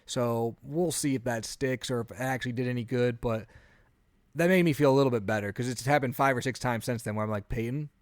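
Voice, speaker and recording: A man in his thirties, a podcast co-host telling an animated story in a casual chat, often acting out what he said. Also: medium pitch, brisk, no room sound, studio quality.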